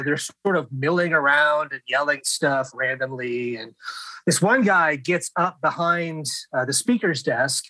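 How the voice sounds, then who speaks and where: A man's voice: fairly high pitch, sharp tone, no room sound, poor audio. A middle-aged man hosting a casual podcast discussion, chatty and laughing often. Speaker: podcast host.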